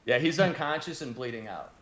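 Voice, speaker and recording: A man narrating as game master of a tabletop game, speaking haltingly with many restarts. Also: mid-range voice, lively intonation, fairly bright tone.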